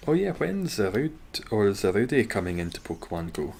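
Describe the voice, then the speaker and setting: A man's voice: on the low side, very animated, moderate pace, creaky, a little mellow. A young man hosting a live game stream, chatting casually, answering chat and teasing viewers with dry humor. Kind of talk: casual live-stream commentary while gaming.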